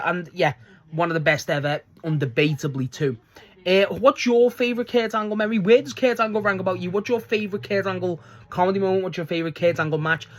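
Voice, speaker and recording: Excitable wrestling fan host, casual rambling monologue, frequent swearing, restarts mid-sentence, middle pitch, faint music behind.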